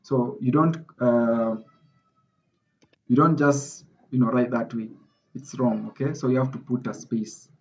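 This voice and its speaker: A man's voice: mid-range voice, steady tone, a little slow, a little mellow, a little hiss or hum. A man teaching an online class, emphatic and repeating his points for stress, heard over a video call. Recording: slightly dull video call audio.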